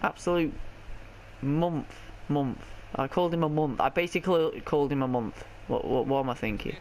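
A man's voice: a little high, normal speed, darkish tone, a little hiss or hum. A young man giving live commentary on his own football video game match, ranting and swearing in frustration. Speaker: gaming video creator.

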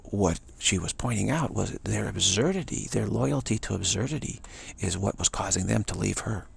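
A man giving a rambling spiritual talk, telling a story in halting phrases with many restarts. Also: lowish voice, expressive, vocal fry, slight background noise. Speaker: spiritual teacher.

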